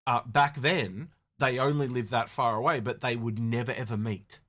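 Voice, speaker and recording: A man co-hosting a casual podcast, rambling and animated with many restarts. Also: medium pitch, normal speed. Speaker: podcast co-host. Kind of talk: casual chat.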